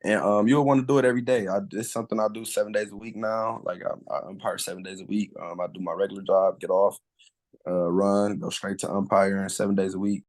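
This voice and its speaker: Laid-back umpire, casual talk. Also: male voice, on the low side, fairly even intonation, fast, a little mellow. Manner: laid-back, colloquial, acts out quoted voices. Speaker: umpire guest. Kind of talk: casual interview chat.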